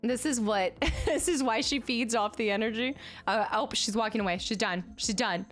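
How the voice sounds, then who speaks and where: Giggly, excitable woman streamer. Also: a little high, moderate pace. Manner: excitable and giggly, cooing to her cat. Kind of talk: casual live-stream chat. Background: faint film music.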